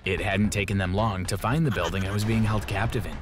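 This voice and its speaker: A man's voice: lowish voice, fairly quick. Man narrating a story over music. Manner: plain, steady storytelling. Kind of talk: scripted first-person story narration. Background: background music.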